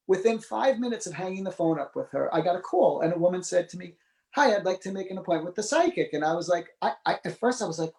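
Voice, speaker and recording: Male interview guest, slightly high voice, lively storyteller who acts out the people he quotes. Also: fast talker, poor audio. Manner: animated, acts out quoted dialogue. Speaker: psychic medium guest.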